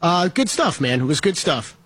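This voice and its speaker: A man co-hosts a casual sports betting talk show. His voice sits fairly high with a slightly breathy edge, and he comes across as laid-back and jokey. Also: big pitch swings, normal speed, a bit bright. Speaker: co-host.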